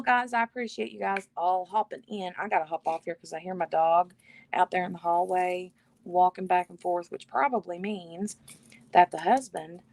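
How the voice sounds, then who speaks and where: A woman's voice: lowish voice, vocal fry. A woman hosting a casual live stream from her bedroom, chatting and reading viewer comments aloud. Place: bedroom at home.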